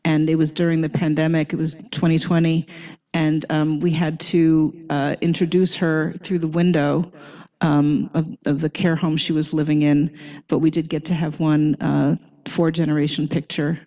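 A woman's voice: low-pitched, level tone, dark tone, muffled recording. Candid woman author in her sixties. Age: 60s. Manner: candid, halting, with frequent restarts. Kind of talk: book talk with slides.

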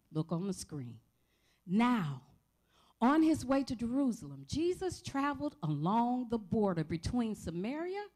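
A woman preaching a sermon in a church, calling out to the congregation for responses with shouts of praise. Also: fairly high pitch. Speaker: pastor. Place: church sanctuary.

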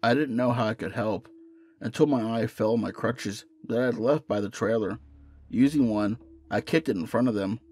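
Un hombre, presentador de un canal de terror, que lee en voz alta una historia de miedo con narración pausada y constante. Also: male voice, medium pitch, husky. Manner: steady storytelling narration. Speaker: horror story narrator and channel host. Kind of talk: reading a creepypasta aloud.

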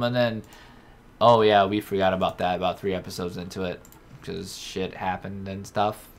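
Profane, excitable male let's-play host. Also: low voice, moderate pace. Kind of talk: casual gameplay chat.

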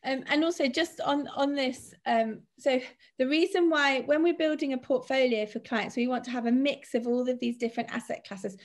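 Woman, financial adviser, fairly high voice, steady explainer. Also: normal speed. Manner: explanatory, steady, thinks aloud with fillers. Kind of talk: presenting a finance talk.

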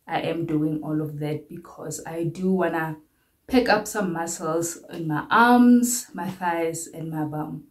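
A woman's voice: low-pitched, darkish tone. A young South African woman giving a candid, rambling update to her viewers and often repeating her phrases. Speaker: vlogger.

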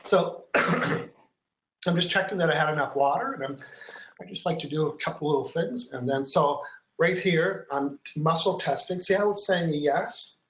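A man's voice: a little high, moderate pace, a bit bright, roomy sound, muffled recording. A man hosting a live stream, chatty and upbeat, explaining each step and counting aloud as he demonstrates. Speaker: host.

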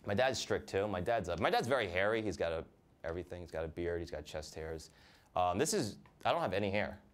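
Deadpan young male stand-up comic. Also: low voice, fairly quick. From New Jersey. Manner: deadpan, lively mimicry of family voices. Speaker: stand-up comedian. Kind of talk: stand-up set. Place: comedy club stage. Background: audience laughter.

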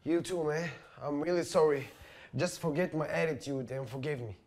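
A man with an Egyptian accent playing a touchy young man in an amateur English-lesson drama, shouting at times and apologizing at others. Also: fairly high pitch, moderate pace, close to an everyday voice. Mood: apologetic.

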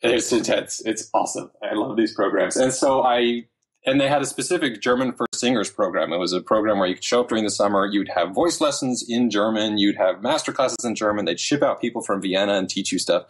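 A man in his thirties talks as a podcast guest, animated and full of quick asides. His voice sits on the low side and has a husky grain. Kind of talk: casual interview chat.

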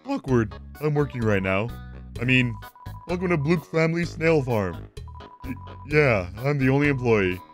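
A man voicing a shy, mopey ghost who runs a snail farm, reading game dialogue aloud in a flat, awkward way. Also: mid-range voice, moderate pace, faint music behind, lightly acted.

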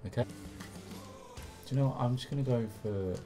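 A young man swearing and reacting excitedly while commentating his own football video game, with game music behind him. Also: medium pitch, brisk. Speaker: gaming commentator. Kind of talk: casual gameplay commentary.

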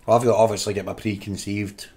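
A Scottish man with a fairly low voice, talking casually as a podcast co-host. He laughs readily, jumps between thoughts and often leaves sentences unfinished. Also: flat delivery, a little fast, a little mellow. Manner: chatty, laughs readily, trails off mid-sentence. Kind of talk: casual chat.

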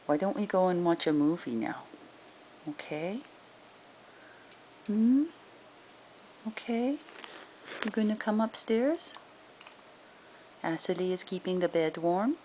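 A woman's voice: fairly low pitch, animated, slow pace, long pauses, dark tone, a little hiss or hum, low-quality recording. A woman at home, talking to her pet in cooing, coaxing baby talk. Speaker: pet owner. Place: home indoors.

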